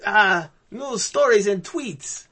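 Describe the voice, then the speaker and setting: A man's voice: high-pitched, expressive, slow pace, bright, forceful tone, slightly rough, pitched above the performer's own voice, exaggerated voice. A man voicing a boastful, vodka-bellied older Russian man in a mock Russian accent, with broken English and a mock-proud, chuckling delivery. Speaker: podcast co-host in a comedy bit.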